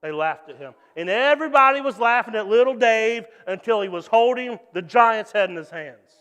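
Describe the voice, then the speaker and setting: A man's voice: high-pitched, normal speed, smooth, long reverb tail. A man preaching a sermon as pastor, telling stories animatedly and acting out voices. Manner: animated storytelling with acted-out voices.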